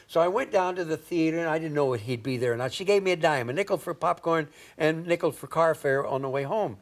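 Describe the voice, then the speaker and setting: A man in his seventies from Indiana spins folksy stories in a sit-down interview. His voice sits a little higher than most men's, and he chuckles and checks in with "see?" as he talks. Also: quick pace. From Indiana, USA. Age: 70s. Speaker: comedian guest. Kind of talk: anecdotal storytelling in an interview.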